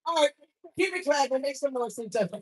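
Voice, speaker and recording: A woman's voice: high-pitched, animated, brisk, rough recording. A woman hosting a live poetry show on stage into a handheld mic, with loose, profane banter and frequent laughs. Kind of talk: casual live emcee banter.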